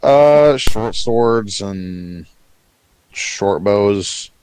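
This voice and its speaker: A man's voice: fairly low pitch, lively intonation, drawn-out words, darkish tone, no echo. A man narrating as game master in a casual tabletop role-playing session.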